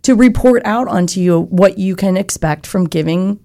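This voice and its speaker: A woman's voice: medium pitch, normal speed, warm tone. A woman leading a chamber of commerce, speaking earnestly and articulately in an interview conversation. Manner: earnest, articulate, explains with examples.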